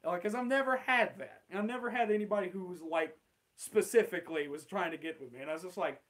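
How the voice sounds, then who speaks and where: A young man rambles through an awkward personal story in a casual, unscripted way. His voice sits a little higher than most men's. He swears freely and fills his talk with "like" and "um". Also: fast, fairly bright tone. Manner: rambling, swearing, with laughs and many fillers. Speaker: channel host.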